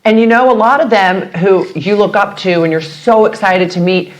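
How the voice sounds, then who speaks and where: A woman chatting as a podcast guest. She tells stories with energy and jumps into high, bright voices when she quotes other people. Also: moderate pace. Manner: animated storyteller, acts out quotes with big pitch jumps. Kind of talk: casual chat.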